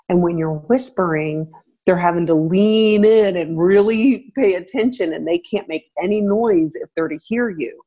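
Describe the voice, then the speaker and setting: A middle-aged woman, a former teacher, giving parenting advice in a relaxed interview, lively and acting out parents and children as she talks. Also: fairly low pitch, moderate pace. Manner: animated, acts out parents and kids in a raised voice.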